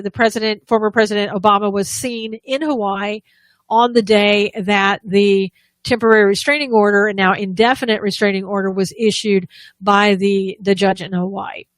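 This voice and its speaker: Woman, political talk host, mid pitch, dry close sound, halting opinionated delivery. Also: no echo. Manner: talks in restarts and fillers, sarcastic asides.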